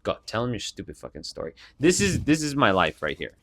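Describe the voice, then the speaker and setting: A young man co-hosts a casual podcast, his voice swinging widely in pitch as he teases and swears. He sounds a little quiet and echoey, as if the mic is set off to one side. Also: brisk. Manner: animated, profane, mocking. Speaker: podcast co-host. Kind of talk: casual chat.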